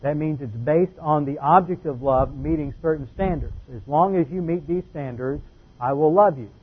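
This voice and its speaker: A man's voice: a little high, normal speed, husky, narrow, tinny audio. A man preaching a methodical doctrinal Bible lesson, laying out numbered points and careful definitions.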